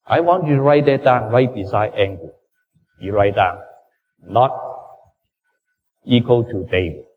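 A man's voice: medium pitch, unhurried, slight background noise. A man preaching a sermon, with emphatic, repetitive phrasing and direct address to the congregation. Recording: dull recording, long hall reverb.

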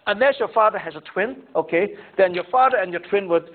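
Male Bible teacher, high register, questioning his class, phone-quality audio. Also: fairly quick. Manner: asks students questions, tags lines with "okay?" and "right?". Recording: tinny phone-like sound.

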